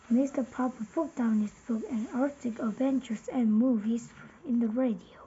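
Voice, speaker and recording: A woman with a Korean accent reading a children's novel aloud in a halting way, with slips and a husky voice. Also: on the high side, fairly even intonation, mellow, lo-fi sound, a little hiss or hum.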